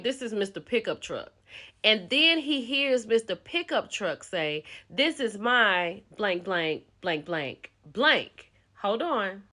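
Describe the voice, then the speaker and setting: A woman host recapping a reality show in a chatty, animated storytelling way, speaking. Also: medium pitch.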